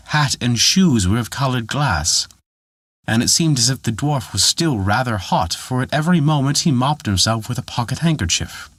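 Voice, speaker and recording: A man narrating a folk tale in an expressive, animated storytelling manner. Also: medium pitch, no room sound.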